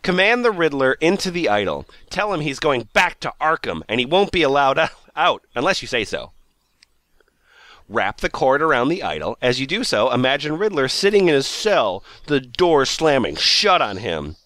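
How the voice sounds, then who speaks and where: A man's voice: medium pitch, very animated, normal speed, fairly bright tone, no echo. A man hosting a casual comedy podcast, reading a blog post aloud and giggling often as he goes. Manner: giggly, reads aloud with frequent laughs.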